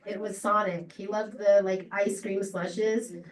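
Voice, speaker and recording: A woman giving an unscripted memorial tribute to a friend, halting and rambling with many fillers and restarts. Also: medium pitch, steady tone. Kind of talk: emotional unscripted memorial speech. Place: memorial gathering room. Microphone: distant laptop or room mic on a video call. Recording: roomy, distant video-call audio.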